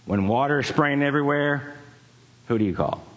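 A man preaching, telling a personal story in a casual, conversational way with fillers and quick laughs. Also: medium pitch, in a large hall, background noise. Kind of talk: sermon story.

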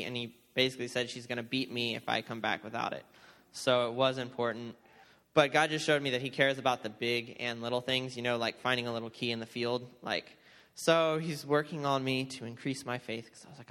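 Young man, bright forceful voice, casual storytelling, long echo in a hall. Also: mid-range voice, brisk. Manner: animated storytelling, acts out quoted dialogue. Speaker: mission trip speaker. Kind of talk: casual testimony talk. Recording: reverberant hall.

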